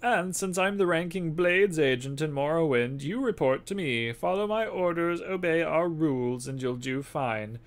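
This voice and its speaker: A man voicing an older male spymaster, reading game dialogue aloud in a formal, measured way during a livestream. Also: fairly high pitch, pitched above the performer's own voice, natural voice. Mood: formal briefing.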